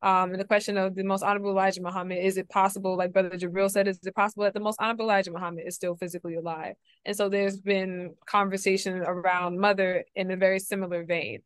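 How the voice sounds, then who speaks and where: A woman's voice: medium pitch, flat delivery, quick pace, few pauses, clear, resonant tone, no echo. A woman host asking interview questions casually, hesitant with many fillers.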